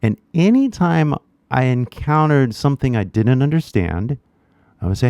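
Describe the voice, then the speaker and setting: A man's voice: medium pitch, lively intonation, moderate pace, warm tone, no room sound. Chatty man with a dry, close sound. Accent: Californian. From California. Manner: chatty, many rhetorical "right?" tags. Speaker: language teacher. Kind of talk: casual spoken lesson.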